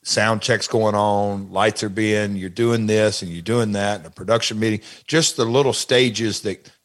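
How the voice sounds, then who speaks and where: An older man, a retired wrestler and guest, recalling backstage moments in a halting, rambling casual chat. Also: on the low side, fairly even intonation.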